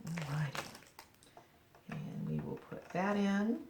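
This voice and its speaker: A woman vlogger chats and jokes to the camera from her family room at home, also talking to her cats. Her low voice swoops wildly in pitch, moving slowly with vocal fry. The room is echoey with faint noise in the background.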